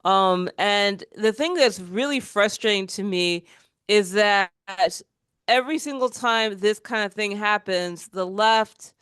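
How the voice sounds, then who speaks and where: A woman hosting a casual political chat, animated and quick to mock the voices she quotes. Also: medium pitch, smooth, no echo, clean studio sound. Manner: animated, mocking quoted voices, frequent restarts. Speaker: podcast host.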